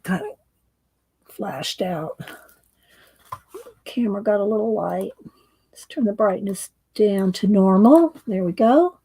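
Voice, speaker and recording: A woman's voice: medium pitch, animated, takes it slowly, pauses often, mellow, breathy edge. A middle-aged woman hosting a casual art livestream from her home craft room, chatting to viewers as she works. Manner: chatty, talks to viewers while working.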